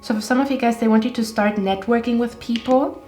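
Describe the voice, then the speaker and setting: A woman's voice: a little high, steady tone, fairly quick, mellow. Chatty woman tarot reader, echoey room. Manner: chatty, reassuring, often adds "okay?". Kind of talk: casual tarot reading to camera. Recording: roomy echo with faint music.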